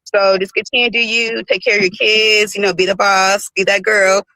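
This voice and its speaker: A woman calling in to a stream, talking quickly and supportively in a casual way. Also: mid-range voice, flat delivery, sharp tone, no echo, low-quality recording. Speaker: caller. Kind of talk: casual call-in chat.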